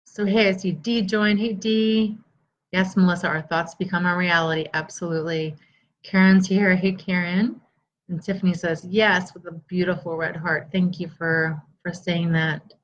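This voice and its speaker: A middle-aged woman coaching viewers on a live stream, energetic and encouraging, greeting people by name. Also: on the low side, moderate pace, muffled recording, slight background noise. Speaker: stress relief coach.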